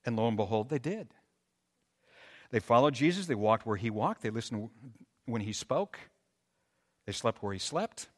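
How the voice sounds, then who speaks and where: A man preaching a sermon in an animated way, with frequent restarts and loud, dramatic scripture readings. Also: a little high, moderate pace. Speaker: pastor. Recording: long hall reverb.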